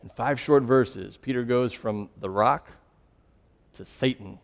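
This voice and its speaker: A man's voice: mid-range voice, slow, creaky, big-room sound. A young adult man preaching a sermon as pastor, conversational and laughing often as he tells stories.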